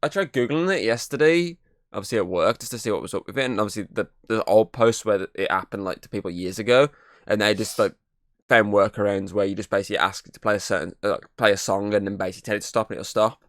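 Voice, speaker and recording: Fast-talking, sweary male podcast host. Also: on the low side, fairly bright tone, no echo, studio quality. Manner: rambling, sweary, repeats "obviously". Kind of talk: casual chat, anecdote.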